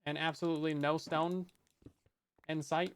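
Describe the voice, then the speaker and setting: Chatty, slightly high-voiced young male gamer. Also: level tone, moderate pace, clean tone. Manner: chatty, self-mocking, talks to chat while building. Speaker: Minecraft let's play host. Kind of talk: casual gameplay commentary.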